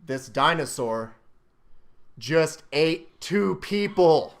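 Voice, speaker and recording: A man's voice: fairly high pitch, lively intonation, very slow, vocal fry. A young man hosting a casual film review chat, ranting with exasperated anger and plenty of swearing. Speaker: channel host reviewing a film.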